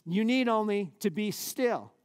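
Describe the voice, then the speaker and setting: A man, a pastor, preaching a lively sermon in a church with casual, conversational asides. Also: high voice, unhurried, clear, resonant tone.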